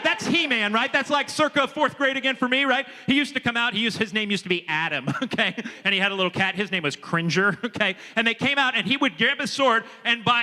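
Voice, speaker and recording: High bright-voiced man speaking in a hall. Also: fast talker, few pauses. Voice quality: energetic, animated and audience-engaging. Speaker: leadership speaker. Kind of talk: motivational talk to students. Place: large hall with a student audience. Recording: reverberant hall with a long echo.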